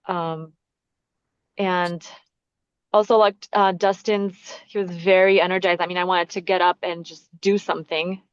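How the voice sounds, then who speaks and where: A woman's voice: fairly low pitch, little pitch movement, measured pace, clean tone, dry recording, muffled recording. A woman sharing her experience in a casual group chat, earnest and hesitant with many ums. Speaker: participant.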